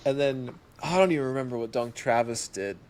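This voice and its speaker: A young podcast guest with a mid-range voice tells his story at a brisk clip. He keeps it casual and animated, laughing often and acting out what everyone said.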